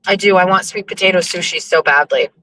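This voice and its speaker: A woman's voice: lowish voice, fast, poor audio. A young woman host chatting casually to her listeners while driving, rambling and cursing in exasperation. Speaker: show host.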